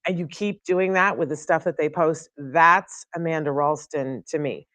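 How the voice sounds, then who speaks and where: A middle-aged woman hosting a live studio show, chatty and effusive, with fillers and quick laughs. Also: low voice, fairly even intonation, a bit bright, dry recording. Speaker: host. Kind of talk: live show opening monologue.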